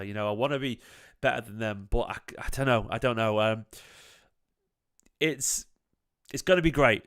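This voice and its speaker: A man reacting to a match live for his fan channel, in a smooth, clear voice. His talk is casual and emphatic, with a pitch that sits in the middle. He hammers points home by repeating them and swears freely. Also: fairly bright tone. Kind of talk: livestream football match reaction.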